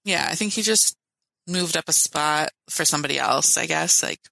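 Woman co-host, casual chat, gravelly lowish voice, dry close mic. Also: moderate pace, sharp tone, dry recording, low-quality recording. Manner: laid-back, giggly. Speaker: podcast co-host. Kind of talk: casual chat, reading listener questions.

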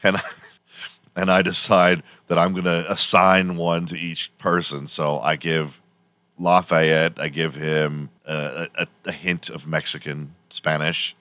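A man's voice: sits low, level tone, unhurried, pushed and bright, no room sound. A man hosting a podcast, telling a rambling story in a casual, profane way and laughing often as he goes. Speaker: podcast host.

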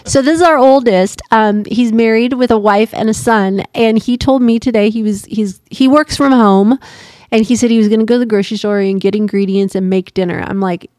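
Fairly quick and fairly high in pitch, this podcast co-host in her fifties spins family stories on a relaxed chat show. She's an animated storyteller who laughs a lot, and there's no echo on the audio.

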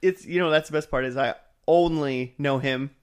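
A man with a voice a little higher than usual, steering a relaxed podcast chat. He teases his co-hosts, loses his thread now and then and laughs mid-sentence. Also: normal speed, clean tone. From United States. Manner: teasing, easily sidetracked, laughs mid-sentence. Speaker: podcast host. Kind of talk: casual chat.

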